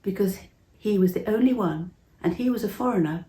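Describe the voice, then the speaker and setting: A middle-aged woman from England telling a Bible story to children in a chatty, expressive way, acting out the voices. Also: medium pitch, brisk, roomy sound.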